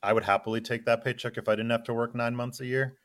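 A man's voice: medium pitch, level tone, quick pace, dry recording. A man talking politics as a guest correspondent, speaking loosely with lots of fillers and a dry, sarcastic edge. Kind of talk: casual political chat.

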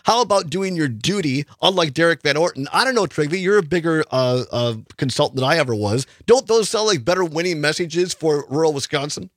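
A man's voice: fairly high pitch, expressive, fairly quick, hardly any pauses, no echo, studio quality. A man hosting a talk radio show, chatting in an opinionated, rambling way with frequent restarts. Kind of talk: casual political talk radio chat.

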